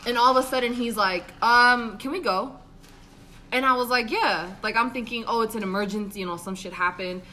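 Bright, animated young woman telling a story. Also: on the high side, brisk, a little hiss or hum. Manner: animated, swearing, acts out quotes, laughs often. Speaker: podcast co-host. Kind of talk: casual storytelling chat.

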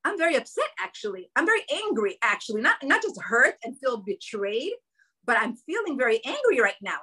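A woman's voice: high voice, big pitch swings, brisk, bright, forceful tone, slightly rough, poor audio. A woman telling a personal story at a women's gathering, emotional and quoting her own inner thoughts, with religious Jewish vocabulary.

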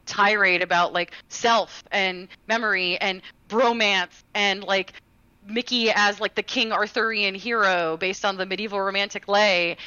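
A woman's voice: mid-range voice, steady tone, measured pace, bright, forceful tone, clear, resonant tone, dry recording, highs cut off. A woman co-hosting a gaming podcast, telling a personal story in a chatty way with many fillers and restarts. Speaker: podcast co-host. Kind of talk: casual chat, storytelling.

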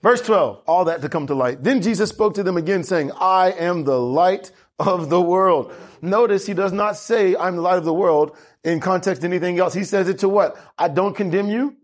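A man preaching a lively sermon as pastor, asking the congregation questions and drawing answers back. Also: high voice, fairly quick, hardly any pauses. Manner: animated preaching with congregation call-and-response.

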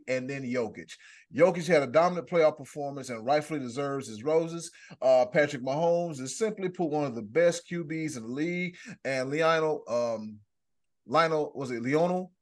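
A man hosting a casual sports podcast, excitable and quick to laugh, reading listener messages aloud. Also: on the high side. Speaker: podcast host.

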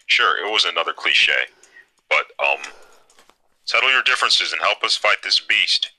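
A man's voice: deep voice, animated, moderate pace, pushed and bright, low-quality recording. A young man hosting a casual podcast chat, enthusiastic and upbeat, steering the talk.

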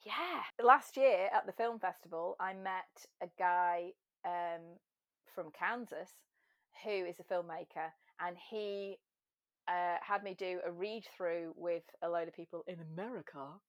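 A woman's voice: on the low side, measured pace, dry recording. Chatty English woman, dry close sound. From England. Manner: chatty, animated, slips into voices and laughs. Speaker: podcast guest, actor. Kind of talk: casual chat.

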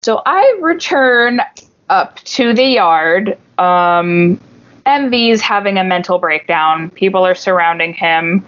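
A woman co-hosting a podcast, telling a story in a casual, animated and profane way, acting out the voices of the people in it. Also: fairly low pitch, slow pace, muffled recording. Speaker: podcast co-host.

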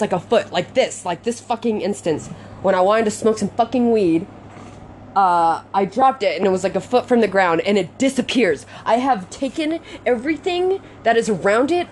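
A woman's voice: medium pitch, darkish tone, slight background noise. A young woman venting to her audience in an unscripted confessional talk, rambling and frustrated, swearing often and filling with "like".

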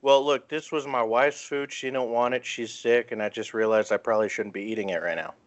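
A man's voice: mid-range voice, steady tone, brisk. A man co-hosting a podcast in casual chat, sheepish and laughing at himself. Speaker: podcast co-host.

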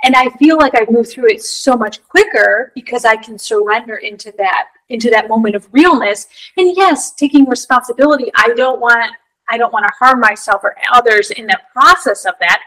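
A woman co-hosting a casual spiritual talk show, animated and playful, saying "like" often. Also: on the high side, moderate pace, rough recording. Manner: animated, playful, says "like" a lot. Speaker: podcast co-host.

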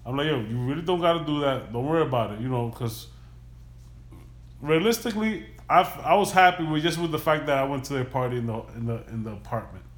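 A man's voice: mid-range voice, quick pace. Profane storytelling man, echoey room. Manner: loose, profane, animated retelling. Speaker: podcast host. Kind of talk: casual storytelling.

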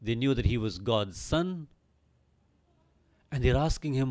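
A man retells a Bible story as a teaching, earnest and emphatic in tone. His pitch sits in an ordinary middle range. He draws the listener in with frequent rhetorical questions. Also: lively intonation, measured pace, darkish tone.

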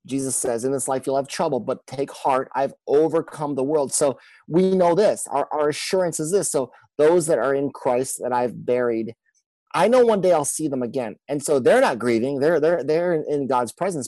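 A man's voice: mid-range voice, expressive, moderate pace, darkish tone, no room sound, poor audio. A man talking as a pastor in an earnest conversation, often repeating words and acting out what people said. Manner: earnest, repeats words, acts out quoted speech. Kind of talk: conversational podcast talk.

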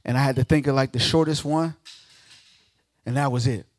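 A guest pastor preaching a sermon to a congregation. He acts out the speakers he quotes and swings from loud declarations down to hushed near-whispers. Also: mid-range voice, steady tone, normal speed, dry recording.

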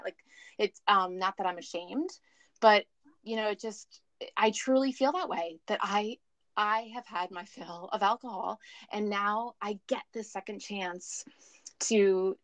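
Over a phone call, a woman joins as a guest and shares her recovery story in a candid, emotional, rambling chat. Her voice is medium in pitch and the recording is dry.

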